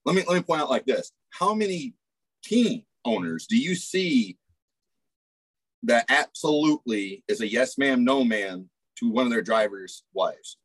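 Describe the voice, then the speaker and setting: A man who is a guest on a racing podcast, chatting casually and laying out his points in a measured way. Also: medium pitch, expressive, breathy edge, dry recording.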